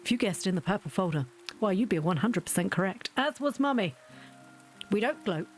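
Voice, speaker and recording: A woman's voice: mid-range voice, expressive, a little fast, soft background music. Chatty woman streamer. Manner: chatty, self-deprecating, storytelling. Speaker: livestreamer. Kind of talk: casual chat to a live chat.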